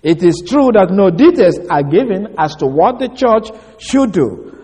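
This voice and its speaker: High-voiced man teaching scripture in a hall. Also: very animated, warm tone. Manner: spells out Greek words letter by letter; slow, emphatic reading of scripture. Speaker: Bible teacher. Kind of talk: expository Bible teaching. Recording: long hall reverb.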